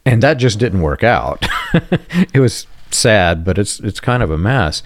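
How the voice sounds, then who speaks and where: A man talking as a guest on a Christian discussion show, thoughtful, often clearing his throat. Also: on the low side, sing-song, slow pace, dry recording.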